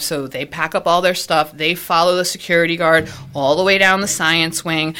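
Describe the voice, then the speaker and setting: A woman, a high school physics teacher, telling a personal story in a casual way, acting out the people she quotes. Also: moderate pace, hardly any pauses, clear, resonant tone. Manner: animated, acts out quoted people with jumps in pitch.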